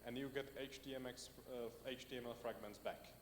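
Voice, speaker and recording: At a meetup hall, a male conference speaker presents and answers audience questions even as his voice is going, talking in a loose, conversational way packed with fillers and built-up lists. He speaks fairly quickly in a mid-range voice with a steady tone, and the recording has hall reverb and faint noise.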